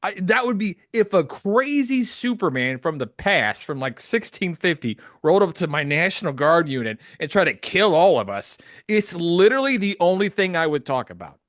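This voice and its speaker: A man hosting a casual podcast chat, excitable, laughing often and quoting lines. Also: high voice, moderate pace, few pauses, no echo, clean studio sound. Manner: excitable, laughs often, quotes the film in character. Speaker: podcast host.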